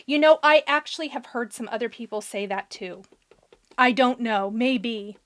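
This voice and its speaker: Woman, craft instructor, live demo, chatty, slightly high voice. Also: normal speed, a bit bright. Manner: chatty, answers viewer questions while working. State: has the hiccups. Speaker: card-making instructor. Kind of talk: live-stream craft demonstration.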